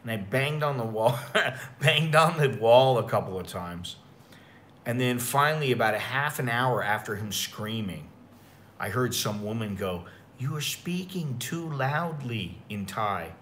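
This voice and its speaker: Rambling American guy, bright voice. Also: fairly low pitch, measured pace, a little hiss or hum. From United States. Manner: rambling, profane storytelling. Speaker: expat vlogger. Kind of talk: casual livestream chat.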